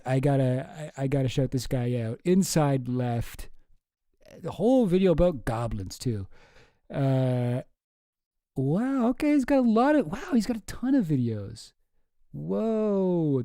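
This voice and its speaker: A man's voice: a little high, mellow, no echo, clean studio sound. A man hosting a casual stream, rambling and jokey, often stopping himself mid-sentence. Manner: rambling, self-interrupting, jokey. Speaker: streamer host. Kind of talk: casual chat.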